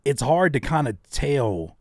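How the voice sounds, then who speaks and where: A man hosting a live stream where he reacts to beats, talking in a loose, playful way with teasing jokes and quick asides. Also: mid-range voice, big pitch swings, darkish tone, husky, no room sound, studio quality. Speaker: host reacting to viewer beats.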